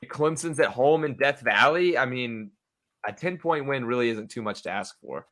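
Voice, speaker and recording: A man's voice: mid-range voice, expressive, normal speed, a bit bright. A man in a casual sports betting chat, laid-back and swearing freely, calling the others bro and dude.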